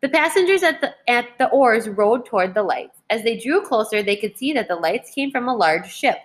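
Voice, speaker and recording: A woman teacher reading a children's history book aloud in a clear, measured way. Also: on the high side, expressive.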